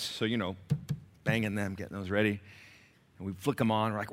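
A man preaches from the pulpit in a lowish, bright and forceful voice. He tells stories with big dynamic swings, shouting one moment and dropping to a hushed whisper the next. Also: normal speed, long pauses. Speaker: pastor. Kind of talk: sermon.

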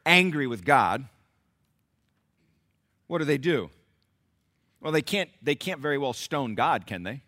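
A middle-aged male pastor preaching a sermon, dropping low and confiding, then rising to loud exclamations as he acts out the people in the text. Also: big pitch swings, measured pace, pauses often.

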